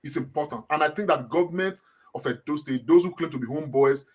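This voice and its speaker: A middle-aged man with a Nigerian accent talks on a show in a slightly high voice. He rambles, leans on fillers, and restarts his sentences often. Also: quick pace, darkish tone, breathy edge. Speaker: talk show host. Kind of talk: casual commentary.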